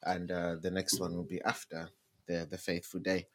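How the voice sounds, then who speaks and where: A man hosting a casual podcast chat, halting and repeating his words, with bursts of laughter. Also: deep voice, completely flat delivery, a little hiss or hum. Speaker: podcast host.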